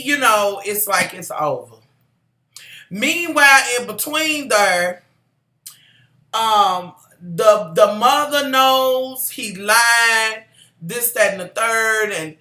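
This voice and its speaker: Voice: mid-range voice, bright, forceful tone, roomy sound. A vlogger recapping a TV drama in casual chat, sassy and profane, calling viewers y'all and honey.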